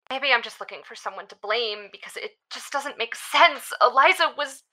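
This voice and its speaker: A woman plays a distraught young woman in an audio drama, stammering and tearful. Her voice is high and swings widely in pitch. It sounds very bright and tense. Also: lively intonation. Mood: shaken. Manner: halting, stammering.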